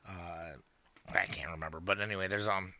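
A man in casual podcast chat, telling a story in a relaxed, rambling way with many fillers. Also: low-pitched, brisk.

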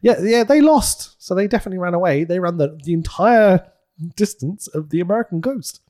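A man's voice: high voice, lively intonation, brisk, dark tone. A man co-hosting a podcast, recapping a show in casual chat, laughing and swearing often. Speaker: podcast co-host.

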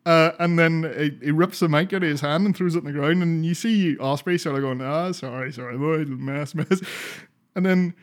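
A man co-hosting a casual podcast, talking in a slightly high voice. He rambles through the story with plenty of swearing and breaks into laughs as he goes. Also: steady tone, fairly quick, few pauses. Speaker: podcast co-host. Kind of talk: casual wrestling chat.

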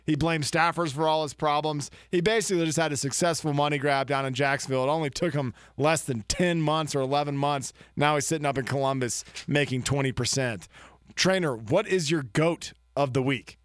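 Excitable man, slightly high, dry sound. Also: brisk, dry recording. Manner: excitable, rambling, joking. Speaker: podcast co-host. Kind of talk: casual sports chat.

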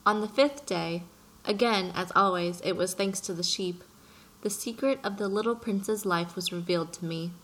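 A woman narrating a chapter of a story aloud, in a measured, gentle manner. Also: medium pitch, rough recording. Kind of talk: audiobook narration.

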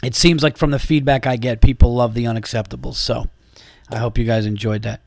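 A man's voice: medium pitch, steady tone, brisk, gravelly, a little mellow, dry recording, clean studio sound. A man hosting a podcast, delivering an exasperated, profane monologue in a casual ranting way. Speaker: podcast host and comedian.

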